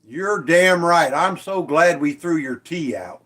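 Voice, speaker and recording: A man's voice: a little high, lively intonation, takes it slowly, a bit bright. A man hosting a casual livestream, reading viewer comments aloud and teasing them, swearing freely. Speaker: livestream host.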